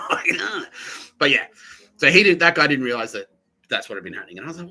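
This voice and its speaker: A man's voice: on the low side, rapid-fire, a little hiss or hum, low-quality recording. A man in his thirties with an Australian accent, hosting a podcast and telling a rambling, profane story in a casual monologue. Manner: rambling, profane, animated quoted voices. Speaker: podcast host.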